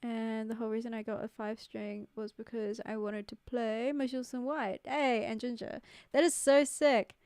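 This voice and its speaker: A woman's voice: fairly high pitch, flat delivery, moderate pace, darkish tone, clear, resonant tone, no room sound. A young woman chatting casually on a live stream, reading out comments, giggling and filling her talk with "like". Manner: chatty, giggly, lots of "like" fillers. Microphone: close studio mic.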